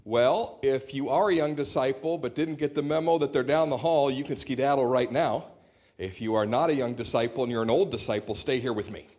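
A man's voice: mid-range voice, a little fast, darkish tone. A man preaching a sermon in a church, conversational and humorous, telling stories on a shared microphone. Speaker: pastor. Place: church sanctuary.

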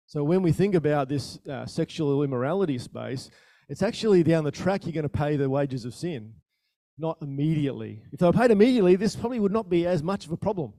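A man preaching a sermon in a conversational style, asking the listeners questions and telling stories with sudden bursts of loudness. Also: a little high, fast, no room sound, clean studio sound. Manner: animated storytelling with sudden rises in volume. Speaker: pastor.

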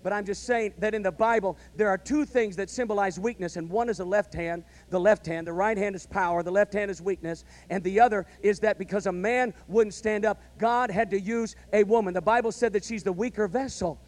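A male pastor delivering a sermon, telling a story and building to loud, emphatic calls of amen. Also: high voice, brisk, few pauses.

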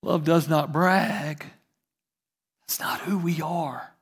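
A man preaching a sermon as pastor, moving between quiet reading and loud, fervent preaching. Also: on the high side, steady tone, takes it slowly, breathy edge, big-room sound. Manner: swings from soft to loud preaching.

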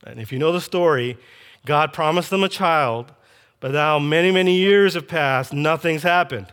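A man's voice: fairly high pitch, moderate pace, a bit bright, smooth. A man preaching a sermon, telling a scripture story with animation and acting out the quoted lines.

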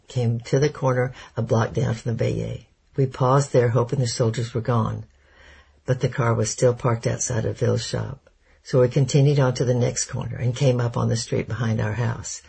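A man narrating a chapter of an audiobook in a steady, measured storytelling manner. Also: mid-range voice, creaky, breathy edge. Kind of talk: scripted narration.

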